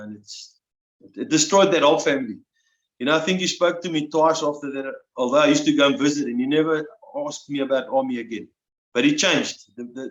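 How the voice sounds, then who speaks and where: An older man speaks with feeling, stumbling over his words and repeating them as he goes. His voice sits in an ordinary middle pitch. The recording is roomy and a little dull. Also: a bit bright. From South Africa. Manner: emotional, halting, with many restarts and repeated words. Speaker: interview guest, army veteran. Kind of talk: personal storytelling.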